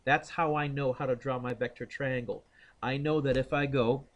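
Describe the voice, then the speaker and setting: Working a momentum problem aloud in class, a male physics teacher thinks out loud and calls on students by name. His mid-range voice is fairly even in intonation at a normal speed, and the recording's highs are cut off.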